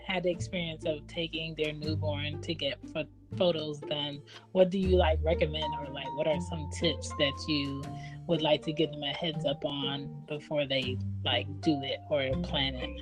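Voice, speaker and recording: A woman hosting a casual podcast interview, relaxed, putting her questions with many likes and giving short backchannels. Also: low-pitched, normal speed, over music. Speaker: podcast host.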